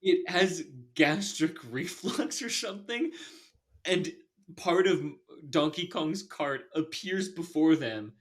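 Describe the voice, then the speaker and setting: A man's voice: fairly high pitch, lively intonation, takes it slowly. Sarcastic man co-hosting a podcast. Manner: sarcastic, laughs while criticizing. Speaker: podcast co-host. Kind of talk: casual movie review chat.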